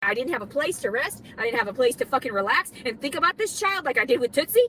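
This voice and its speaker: A woman's voice: sits high, expressive, fast talker, hardly any pauses, fairly bright tone, slightly rough, poor audio. A woman ranting furiously and swearing, recorded outdoors in a clip. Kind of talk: angry ranting video clip. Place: outdoors outside a store.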